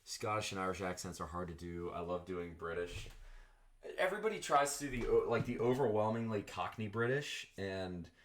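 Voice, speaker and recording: A man's voice: low-pitched, big pitch swings, moderate pace, slight background noise. A man hosting his own vlog, chatting casually while he cooks in a home kitchen, rambling through asides. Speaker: vlogger host. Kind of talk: casual cooking chat.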